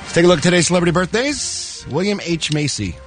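A man's voice: high-pitched, lively intonation, quick pace, music in the background. Wisecracking radio host losing his voice. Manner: wisecracking, playful showbiz patter. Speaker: radio show host, entertainment news. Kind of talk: radio show banter and news reading.

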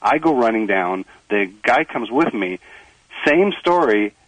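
Male surgeon phone guest, lively self-mocking storyteller, dry close sound. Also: mid-range voice, measured pace, no echo, poor audio. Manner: animated, self-deprecating anecdotes with laughs. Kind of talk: casual storytelling on a radio show. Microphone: phone line.

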